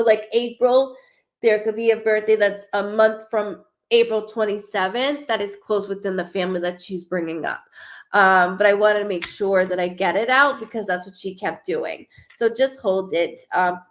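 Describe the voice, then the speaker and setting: A woman's voice: medium pitch, normal speed. A woman medium giving a live psychic reading, rambling and swearing, often restarting her sentences. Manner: rambling, profane, frequent restarts.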